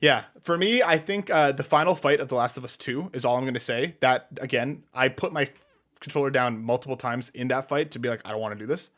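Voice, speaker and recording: A man's voice: mid-range voice, fairly quick, a bit bright. A man co-hosting a casual podcast in an upbeat way, reading listener questions aloud and answering them. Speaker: podcast co-host.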